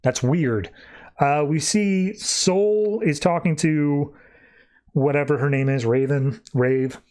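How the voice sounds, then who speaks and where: A man hosting a podcast, recapping a comic book in a casual, animated way and briefly voicing the characters as he goes. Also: a little high. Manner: animated retelling with quick voiced asides. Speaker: podcast host.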